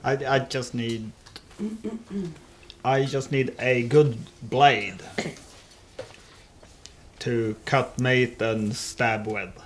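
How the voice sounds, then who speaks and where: A man plays his character in a tabletop game, slow and deadpan, at a middling pitch. A faint hiss sits under his voice. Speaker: player. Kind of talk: casual tabletop role-play.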